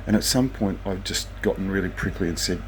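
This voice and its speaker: A man's voice: low-pitched, fairly quick, slight background noise, poor audio. An older man telling stories in a chatty, rambling monologue from a motel room at night, sometimes swearing. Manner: chatty, anecdotal, occasionally profane. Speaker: vlogger.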